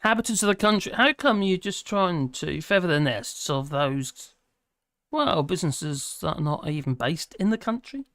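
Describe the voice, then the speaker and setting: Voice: medium pitch, expressive, moderate pace, fairly bright tone, no echo, studio quality. A host with a British accent chatting casually on a live stream, reading out viewer comments and humming between them. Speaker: livestream host.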